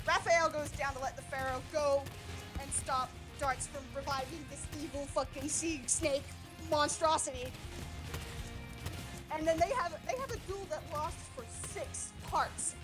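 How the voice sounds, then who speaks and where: A woman streamer chatting casually and swearing a lot as she excitedly recaps a story. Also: high-pitched. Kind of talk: casual livestream chat. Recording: game music behind voice.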